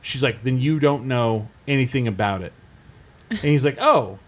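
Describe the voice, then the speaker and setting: A male podcast host in loose, casual chat. He tells stories with energy, jumping into raised voices to act out what people said, his pitch sitting at an ordinary middle level. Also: moderate pace. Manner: animated storyteller, acts out quotes in raised voices.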